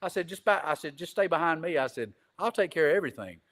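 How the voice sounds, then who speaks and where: Animated, high-voiced rambling male storyteller. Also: quick pace. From Greenville. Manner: rambling, repeats "I said", swears casually. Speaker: podcast guest. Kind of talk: casual storytelling interview.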